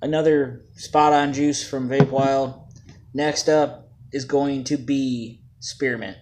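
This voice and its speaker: A man's voice: mid-range voice, fairly even intonation, slow pace, a little mellow, slight background noise. A man casually reviewing vape juices, joking and plain-spoken in a laid-back way.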